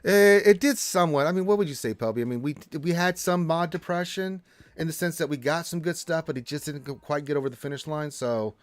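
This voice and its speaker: Excitable man hosting a gaming livestream. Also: on the high side, fairly quick, dry recording. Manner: excitable, chatty, talks to himself while playing. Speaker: livestream host. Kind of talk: casual livestream chat while gaming.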